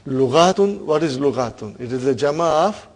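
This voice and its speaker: A man's voice: a little high, animated, moderate pace. A man teaching an Arabic grammar class, quizzing his students and checking in with a "huh?" between points. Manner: questioning students, frequent "huh?" and laughs.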